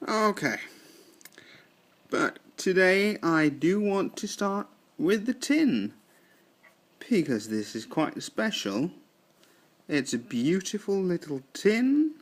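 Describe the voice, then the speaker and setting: A man giving a casual product review in a slow, deliberate way, thinking aloud with fillers. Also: sits high, sing-song. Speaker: snuff reviewer.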